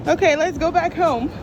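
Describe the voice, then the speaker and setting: A woman's voice: very high voice, noisy background. A young woman vlogger talking to her new puppy, coaxing and praising him in affectionate baby talk.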